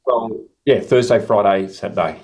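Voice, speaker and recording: A man's voice: on the low side, normal speed, darkish tone. A middle-aged Australian man co-hosting a podcast, telling stories in a rambling, self-interrupting, joking way. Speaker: podcast co-host. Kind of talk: casual chat.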